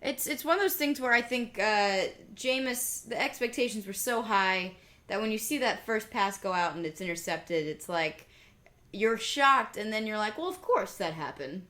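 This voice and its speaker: A young adult woman co-hosting a podcast in casual chat, with a dry, deadpan, sarcastic delivery. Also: medium pitch, moderate pace. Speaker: podcast co-host.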